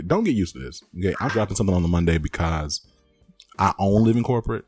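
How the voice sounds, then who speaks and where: A man's voice: deep voice, expressive, fast, darkish tone, faint music behind. A man hosting a podcast, chatting casually and teasing his co-host with frequent laughs. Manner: playful, teasing, laughs often.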